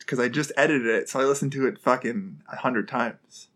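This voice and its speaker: A man from Canada co-hosting a podcast, chatting casually with jokes, swearing and quick asides. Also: mid-range voice, fairly bright tone. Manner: joking, profane, quick asides. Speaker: podcast co-host. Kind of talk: casual chat.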